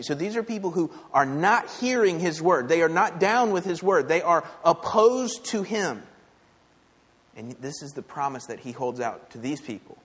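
A man's voice: a little high, expressive, normal speed, husky, long reverb tail. A man preaching a sermon in a church, with a conversational, emphatic delivery and frequent rhetorical questions to the congregation. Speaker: pastor. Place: church sanctuary.

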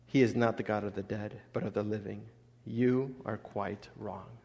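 A man preaching a casual sermon as a pastor, animated, acting out voices and laughing often. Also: medium pitch. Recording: long echo of a large hall.

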